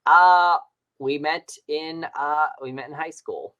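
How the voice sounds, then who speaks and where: A man from Long Island co-hosting a podcast, reacting excitably and emphatically in casual chat. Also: a little high, slow, smooth, lo-fi sound. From Long Island, New York. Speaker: podcast co-host.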